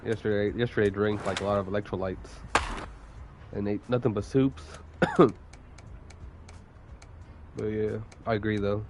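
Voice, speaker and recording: Young guy on stream still coughing from a cold, swears a lot and says like constantly, kinda low voice. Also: flat delivery, moderate pace, pauses often, darkish tone, slight background noise. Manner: rambling, profane, heavy use of "like". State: recovering from a cold, coughing now and then. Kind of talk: casual stream chat.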